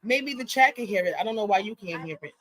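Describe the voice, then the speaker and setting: A woman co-hosting a casual podcast in a mid-pitched voice. She laughs often and pushes back, sounding exasperated by her partner. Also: lively intonation, fast talker. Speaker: podcast co-host. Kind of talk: casual chat.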